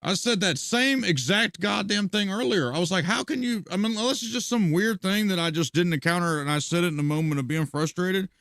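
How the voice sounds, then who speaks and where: A man's voice: high-pitched, a little fast, few pauses, a bit bright, no room sound, clean studio sound. A man streaming a video game, ranting with heavy profanity and bursts of laughter as he comments live.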